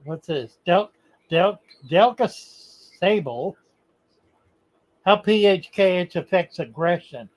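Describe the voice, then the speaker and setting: An older man hosting a casual livestream, reading viewer comments aloud in a slow, halting way and answering questions. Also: high-pitched, lively intonation, rough recording.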